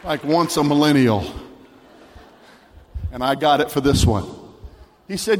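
A male pastor preaching a camp meeting sermon, moving from a chatty story into shouted preaching. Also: mid-range voice, lively intonation, normal speed, long pauses, big-room sound. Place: large church hall at a camp meeting.

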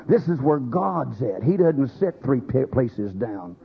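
A man's voice: medium pitch, very animated, measured pace, creaky, few pauses, husky, lo-fi sound. A man preaching a sermon, acting out quoted voices as he goes. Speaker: pastor.

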